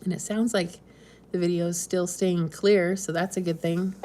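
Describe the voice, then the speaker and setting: Low-voiced woman chatting on a live stream. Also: fairly even intonation, normal speed, warm tone, slight background noise. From West Coast of the US. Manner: chatty, meandering, frequent ums and laughs. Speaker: homesteading channel host. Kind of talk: casual live stream chat, reading viewer comments.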